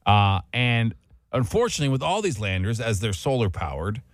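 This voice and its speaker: A man's voice: medium pitch, big pitch swings, brisk, no echo, studio quality. A man hosting a casual radio show, chatting and laughing while he searches for words, and reading a poem aloud.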